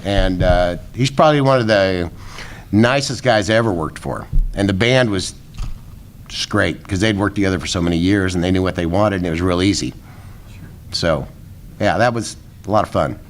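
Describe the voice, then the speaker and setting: A low-pitched older man spinning loose, rambling tour anecdotes as an interview guest. He chuckles along and circles back over his own words in a relaxed, conversational way. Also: normal speed, a little hiss or hum. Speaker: former rock roadie, guest. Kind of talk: casual storytelling interview.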